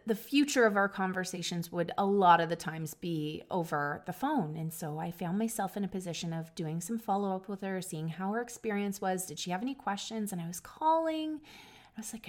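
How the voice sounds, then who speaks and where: A woman tells a personal story straight to her listeners, earnest and openly emotional. She stumbles and restarts as she talks. Her mid-pitched voice drops low and quiet, then rises high and loud when she gets animated. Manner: lively, swinging between hushed and loud. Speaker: podcast host.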